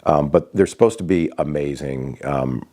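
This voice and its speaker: A man casually telling a personal story as a father, halting and restarting often and acting out what others said. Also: a bass voice, dark tone. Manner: halting, many restarts and fillers, acts out quoted voices.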